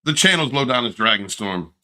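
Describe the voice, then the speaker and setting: A man's voice: mid-range voice, lively intonation, brisk, pushed and bright. A middle-aged man hosting a casual livestream, joking, laughing and greeting viewers in the chat. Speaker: livestream host.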